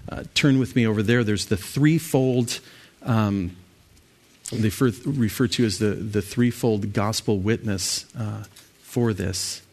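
A man's voice: fairly low pitch, measured pace, darkish tone. A man leading an evening Bible study as pastor, talking through scripture in a conversational way with fillers and restarts.

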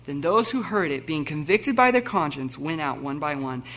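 A man preaching a sermon, animated and laughing, acting out the scenes with sudden loud bursts. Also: fairly high pitch, normal speed. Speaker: pastor.

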